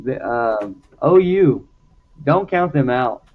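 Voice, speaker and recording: A man's voice: medium pitch, expressive, slow pace, phone-quality sound. Chatty man making football picks. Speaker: podcast co-host. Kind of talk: casual sports chat.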